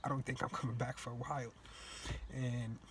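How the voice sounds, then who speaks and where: A man's voice: medium pitch, flat delivery, moderate pace, slight background noise. Young man telling his own story. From Cape Verde. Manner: reflective, earnest, loose casual grammar. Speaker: student speaker. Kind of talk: personal storytelling speech.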